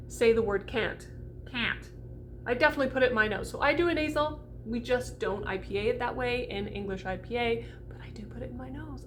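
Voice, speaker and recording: A woman voice coach teaching French diction for singers, bubbly and animated, sounding out vowels as she goes. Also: fairly high pitch, a little hiss or hum. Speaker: classical voice coach.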